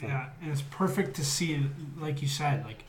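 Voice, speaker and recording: A man's voice: fairly high pitch, moderate pace, roomy sound, slight background noise. A man co-hosting a casual movie-discussion podcast, swearing casually and laughing often. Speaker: podcast co-host.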